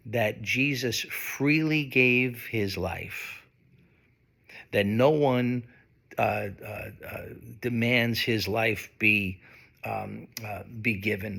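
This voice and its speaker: A man preaching a sermon, slow and emphatic, with dramatic pauses. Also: fairly low pitch, gravelly, a bit bright. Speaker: pastor.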